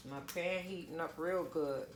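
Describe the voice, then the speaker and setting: A woman's voice: sits low, normal speed, reverberant, background noise. A woman casually talking viewers through a home cooking recipe, chatty and down-to-earth. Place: home kitchen.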